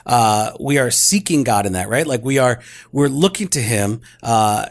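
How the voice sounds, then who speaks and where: A man's voice: mid-range voice, lively intonation, normal speed. A man co-hosting a casual podcast, chatty and prone to "uh" and "right?", who likes to rib his partner. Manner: conversational, fills with "uh" and "right?", ribs his co-host. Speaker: podcast co-host. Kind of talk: casual discussion and host-read sponsor segment.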